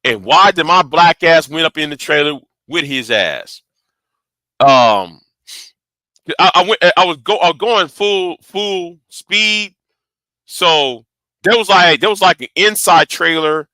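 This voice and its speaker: A man's voice: fairly high pitch, expressive, slow pace, pushed and bright, no echo. A man telling a story casually to camera, rambling, swearing freely and often stumbling and repeating words. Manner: rambling, profane, stammering repeats. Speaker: vlogger.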